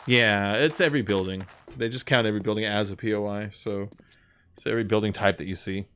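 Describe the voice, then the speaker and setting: A man's voice: steady tone, fast, fairly bright tone, clean tone. A man chatting casually while playing a game, laughing as he retells comedy bits. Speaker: gameplay streamer. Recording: noisy with engine rumble.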